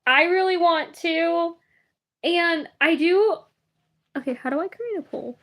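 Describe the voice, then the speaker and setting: A woman's voice: extremely high pitch, a little slow, a bit bright. A young woman streaming live, chatting casually and rambling, often laughing. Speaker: livestreamer. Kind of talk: casual livestream chat.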